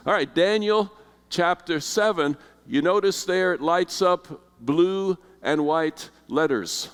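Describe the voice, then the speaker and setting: A man's voice: on the high side, fairly bright tone. An older man teaching a Bible class in a conversational way, often asking his listeners questions. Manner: conversational, asks the audience questions. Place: lecture hall with an audience. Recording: hall reverb.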